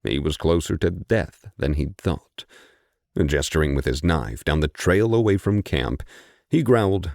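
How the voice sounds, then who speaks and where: A male audiobook narrator with a deep, low-set voice that moves a lot in pitch as he tells the story. He reads in a measured, expressive way, and the recording is close and dry. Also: creaky, dry recording. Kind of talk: scripted narration.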